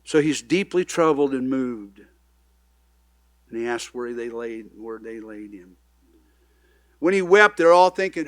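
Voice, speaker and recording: A middle-aged man who pastors a church, preaching in a loose, conversational way, now loud and now hushed. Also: a little high, takes it slowly, long pauses, no room sound, clean studio sound. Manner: conversational, animated preaching with sudden swings in loudness. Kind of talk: sermon.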